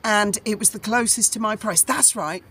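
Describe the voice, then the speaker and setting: This middle-aged vlogger speaks at a moderate pace in a mid-range voice that's fairly bright and slightly rough. Casually telling personal stories, she rambles, using lots of fillers and correcting herself along the way.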